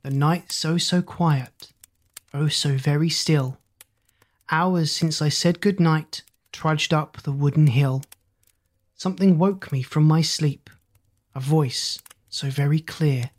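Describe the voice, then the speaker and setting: A storyteller reading rhyming children's stories in a measured, sing-song way. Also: mid-range voice.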